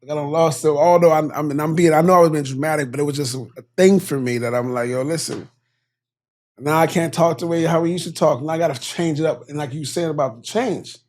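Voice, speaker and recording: A man chatting casually as a podcast co-host, telling a lively story and mimicking others, often laughing. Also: on the high side, fast. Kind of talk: casual chat.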